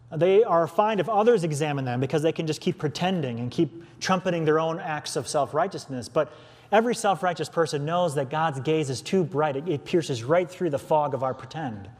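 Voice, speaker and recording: A man's voice: a little high, a little mellow. A man preaching an earnest expository sermon, restarting phrases as he works through a text. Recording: long hall reverb.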